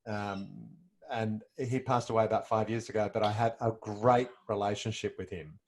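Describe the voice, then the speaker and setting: A man's voice: on the low side, fairly even intonation, moderate pace. A middle-aged man from Australia telling a personal story in a casual interview, hesitant with many ums and moved to emotion. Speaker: interview guest.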